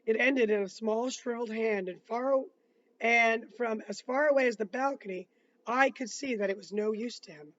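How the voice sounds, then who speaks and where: A man's voice: very high voice, moderate pace, fairly bright tone, highs cut off, a little hiss or hum. A man reading a novel aloud, breaking off for casual asides and restarting words. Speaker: reader.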